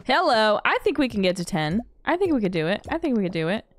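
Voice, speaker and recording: A young woman streaming a farming game, chatting casually with her viewers, bubbly and quick to laugh. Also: medium pitch, big pitch swings. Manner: bubbly and giggly, quoting movie lines. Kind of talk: casual gaming stream chat.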